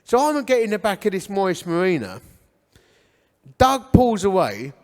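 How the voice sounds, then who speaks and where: A man's voice: high-pitched, very animated, moderate pace, darkish tone. A man, telling his life story with humor and acting out the dialogue. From Hornchurch, England. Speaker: guest speaker. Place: church hall. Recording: echoey church hall.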